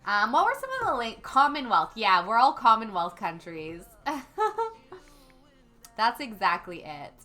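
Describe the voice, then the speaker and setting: A woman's voice: on the high side, very animated, slow pace, pauses often, pushed and bright, faint music behind. A young woman hosting a casual gaming livestream, chatting and reading viewer comments aloud with lots of ums. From Canada. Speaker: livestream host.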